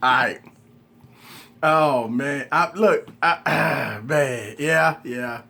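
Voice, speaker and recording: A man's voice: medium pitch, very slow, vocal fry. A man hosting a tech channel live stream in casual, playful chat, laughing often as he talks. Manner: giggly, laughs often while talking; loose, playful and excitable.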